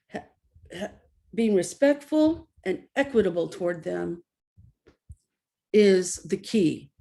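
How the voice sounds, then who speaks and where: A middle-aged woman educator giving a talk, telling anecdotes with lively storytelling and acting out the voices she quotes. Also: a little high, gravelly. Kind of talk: presentation with anecdotes.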